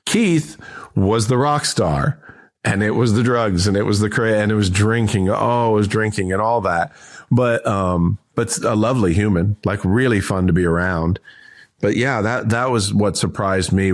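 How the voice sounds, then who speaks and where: A man in his fifties, a guest on an interview, telling anecdotes in a lively, restart-heavy way. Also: lowish voice, a little slow. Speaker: guest, entrepreneur and author. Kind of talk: casual interview storytelling.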